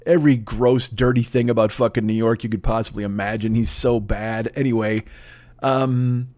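A man hosting a comedy podcast, ranting in a profane, rambling, excitable way with lots of restarts. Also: mid-range voice, moderate pace. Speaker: podcast host. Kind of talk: comedic rant.

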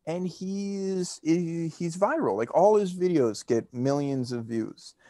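A man's voice: on the high side, slow pace, warm tone, no echo. A man co-hosting a podcast, telling stories in a loose, rambling way full of fillers and laughs. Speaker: podcast co-host. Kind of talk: casual chat.

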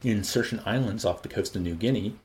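A man reading a novel aloud with an expressive, animated delivery. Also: on the low side, fairly quick, low-quality recording. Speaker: audiobook reader. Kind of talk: novel reading with voiced characters.

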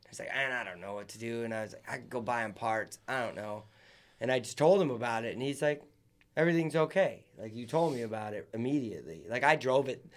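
A man's voice: mid-range voice, fast talker. A young man co-hosting a podcast, telling stories bluntly with plenty of swearing and laughter. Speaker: podcast co-host. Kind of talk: casual chat.

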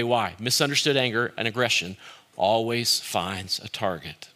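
A man preaching a sermon as pastor, shifting between loud animated bursts and quiet, slow emphasis. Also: mid-range voice. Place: church service streamed online.

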